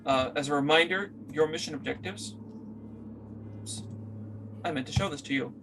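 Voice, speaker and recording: A man's voice: fairly high pitch, moderate pace, sharp tone, soft background music. A man narrating as game master for a tabletop game, rambling with many fillers as he searches for words.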